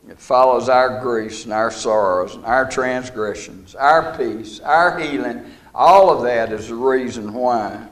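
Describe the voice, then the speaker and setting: A middle-aged man preaching a sermon, folksy and deliberate, leaning on key words. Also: mid-range voice.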